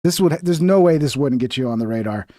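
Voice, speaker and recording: A man's voice: mid-range voice, expressive, quick pace, warm tone, dry recording, clean studio sound. A young man streaming casual commentary over a video, rambling and profane, with conspiratorial asides.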